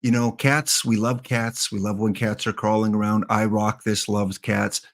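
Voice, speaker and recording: A man's voice: fairly low pitch, little pitch movement, normal speed. A man streaming a baseball sim game, chatting casually, joking and thanking viewers as he plays. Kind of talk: casual live-stream chat while playing.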